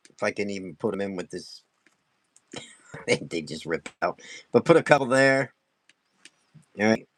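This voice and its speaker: A man teaching wood carving on a casual live stream, talking fast and excitably and laughing often. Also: mid-range voice.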